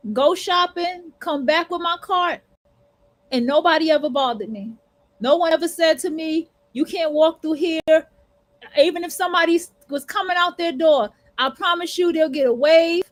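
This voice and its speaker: A woman's voice: very high voice, measured pace. A woman hosting a livestream, talking bluntly and profanely in a casual monologue aimed at her listeners. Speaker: livestream host.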